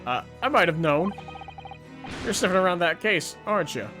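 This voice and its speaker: A man voicing a huge, gruff male prison governor with a put-on Scottish accent, blustering and threatening. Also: high-pitched, lively intonation, normal speed, voice pushed up. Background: game music.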